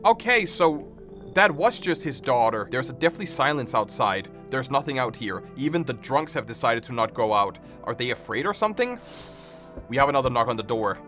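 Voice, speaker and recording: A man's voice: mid-range voice, sing-song, moderate pace, a bit bright, soft background music. A man streaming a game, chatting casually with goofy, joking asides. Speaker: gaming streamer. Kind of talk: casual gameplay commentary.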